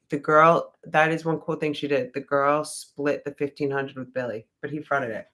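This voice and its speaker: Rambling, animated woman telling a story. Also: sits low, moderate pace, few pauses. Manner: rambling, heavy on "like" fillers; animated, swears freely. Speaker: vlogger. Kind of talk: casual personal storytelling.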